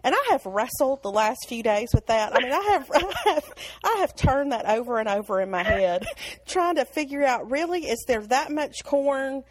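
A woman's voice: sits high, expressive, moderate pace, no room sound. A woman with a Southern American accent co-hosting a casual podcast over an online call, chatty and storytelling with frequent laughs. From Alabama, US South. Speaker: podcast co-host. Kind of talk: casual chat.

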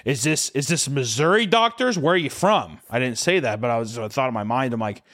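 Drunk male podcast host, rambling and profane, shrill screaming bits. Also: a little fast, a bit bright. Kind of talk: comedic storytelling.

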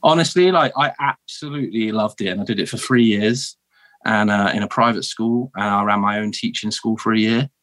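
A man in his thirties from the south of England with a southern English accent, telling stories as a guest in a casual interview, animated and full of restarts. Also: fairly low pitch, fairly quick, no echo. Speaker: guest, former marine.

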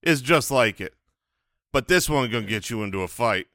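A man co-hosting a comedy podcast, trading jokes in casual banter with quick asides. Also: mid-range voice, no echo, studio quality. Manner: animated, joking, quick asides. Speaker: podcast co-host.

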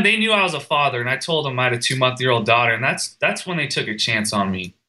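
Earnest man with a very bright voice. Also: medium pitch, low-quality recording. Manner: earnest, emotional storytelling with restarts. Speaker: guest, firefighter. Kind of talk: personal story in a podcast conversation.

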